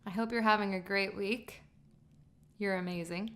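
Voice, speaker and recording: A woman's voice: medium pitch, steady tone, moderate pace, fairly bright tone. A woman co-hosting a podcast in casual chat, telling rambling stories and thanking listeners. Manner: chatty, rambling storyteller. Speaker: podcast co-host.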